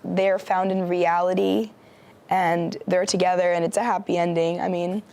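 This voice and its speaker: A woman's voice: fairly low pitch, flat delivery, moderate pace, gravelly, a little mellow. A young woman co-hosting a campus TV show, chatting casually about shows and retelling plots with lots of fillers. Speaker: guest co-host. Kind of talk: casual pop-culture chat. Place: campus TV studio.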